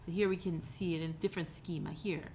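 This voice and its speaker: Woman teaching a lesson, kinda low gravelly voice, patient, explains step by step, bit of faint noise behind. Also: fairly even intonation, fast talker, darkish tone. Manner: patient, explanatory, occasional fillers and self-corrections. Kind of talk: recorded tutorial lecture.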